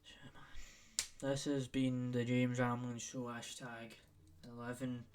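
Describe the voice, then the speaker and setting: A man's voice: mid-range voice, monotone, measured pace, a little mellow. A man from Scotland with a Scottish accent, hosting a solo podcast as he rants and swears heavily, tagging lines with "right?". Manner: ranting, heavy swearing, repeats "right?". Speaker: podcast host.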